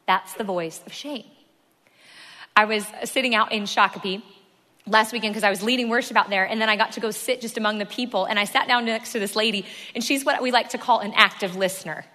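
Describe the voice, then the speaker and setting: A woman's voice: medium pitch, a little fast, pushed and bright. A woman preacher delivering a sermon to a congregation, emphatic and repeating key phrases. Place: church hall. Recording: long reverb of a large room.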